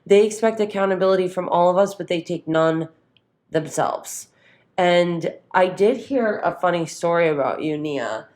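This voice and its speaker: A woman with a somewhat low voice co-hosting a casual podcast. She tells stories at length, acting out the lines of the people in them. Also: normal speed. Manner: storytelling, animated retelling with quoted voices. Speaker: podcast co-host. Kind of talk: casual chat.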